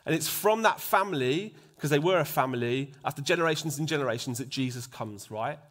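A man's voice: a little high, brisk, a bit bright. A man preaching a sermon in a conversational way, often asking the congregation for agreement and dropping to a near-whisper for emphasis.

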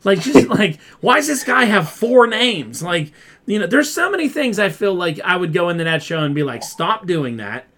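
A man's voice: sits high, big pitch swings, normal speed, a bit bright. A man co-hosting a casual wrestling podcast, ranting with exasperation and mimicking fans in quoted voices. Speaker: podcast co-host.

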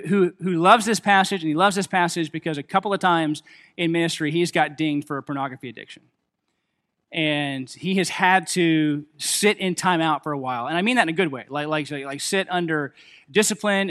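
A man's voice: high voice, pushed and bright. A man preaching a sermon as pastor, in a casual, self-deprecating way with many fillers.

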